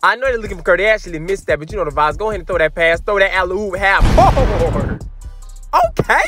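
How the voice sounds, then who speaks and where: A young man commentates his basketball video game for his chat in a high, bright, sharp-edged voice. He trash-talks loudly and slips into a sing-song lilt. Faint game music runs underneath. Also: fast talker. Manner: loud, animated trash talk to chat, sometimes sing-song. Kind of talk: hyped gameplay commentary.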